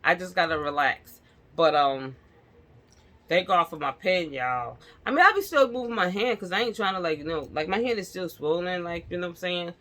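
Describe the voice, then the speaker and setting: Bright-voiced woman chatting to viewers. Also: lowish voice, moderate pace. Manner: animated, laughing, addresses viewers as y'all. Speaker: vlogger. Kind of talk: casual storytime chat to viewers. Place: indoors at home.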